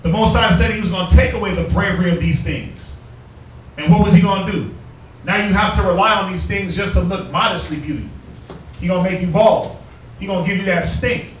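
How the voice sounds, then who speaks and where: A man's voice: sits high, a little fast. Emphatic man teaching in an echoey room. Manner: emphatic, rhetorical questions, street slang. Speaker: class teacher. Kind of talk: preaching class lesson. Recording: echoey room from far off, faint noise.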